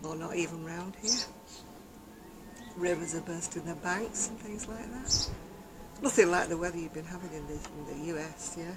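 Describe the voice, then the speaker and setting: A woman's voice: lowish voice, normal speed, a crowd in the background, rough recording. An English woman vlogging about her crochet in casual, rambling chat, laughing often as she tells stories, recorded outdoors on a garden deck. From England. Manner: chatty, rambling storyteller who laughs often.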